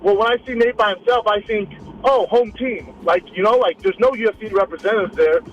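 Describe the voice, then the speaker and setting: A man in his thirties, a guest telling a story in a casual interview, animated, repeating words and acting out what others said. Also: high voice, fairly quick, highs cut off, faint music behind. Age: 30s. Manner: animated, repeats words, acts out quoted lines. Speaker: guest, retired fighter turned comic.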